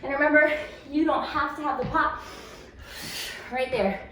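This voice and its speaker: A woman's voice: high voice, a little slow, sharp tone. A woman leading a follow-along home workout, cueing moves, counting down and encouraging, a little out of breath at times. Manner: encouraging cues with counting and laughs. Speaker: fitness instructor. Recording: very echoey room, distant mic, faint noise.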